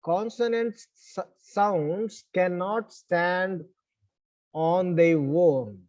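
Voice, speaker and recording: A man's voice: high voice, darkish tone, dull audio. A man with an Indian English accent, teaching an online class, explaining step by step and checking in with students. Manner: repeats "right?" as check-ins, measured explaining.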